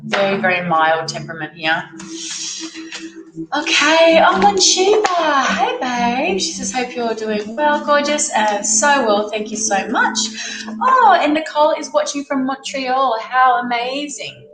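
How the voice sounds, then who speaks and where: A woman's voice: high-pitched, sing-song, a little slow. An Australian woman with a cold hosts a casual livestream, greeting viewers by name and reading their comments aloud. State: has a cold. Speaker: livestream host, tarot reader. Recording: echoey room with music playing. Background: music.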